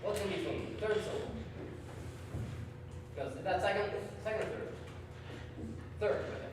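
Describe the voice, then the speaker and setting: A man's voice: sits high, normal speed, background noise. A man performing live improv comedy, stammering and repeating himself as he tries out guesses in front of an audience. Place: large hall before an audience. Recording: echoey hall from far off.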